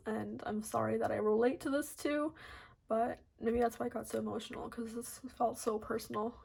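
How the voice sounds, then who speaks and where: A woman giving a casual pick-a-card tarot reading, soft and rambling with many fillers, teary and choked up. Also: fairly high pitch, steady tone, moderate pace, creaky, husky. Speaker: tarot reader.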